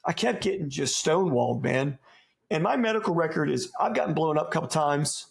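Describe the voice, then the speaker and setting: Gravelly, slightly high man, laid-back. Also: expressive, a little fast. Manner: laid-back, profane, buddy slang; rambling, many restarts and asides. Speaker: interview guest, former soldier. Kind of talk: casual interview chat.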